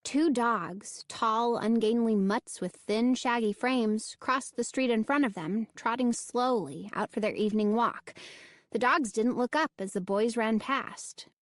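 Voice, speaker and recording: Slow, measured woman narrator. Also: fairly high pitch, no echo, clean studio sound. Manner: measured storytelling. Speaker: audiobook narrator. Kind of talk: scripted narration.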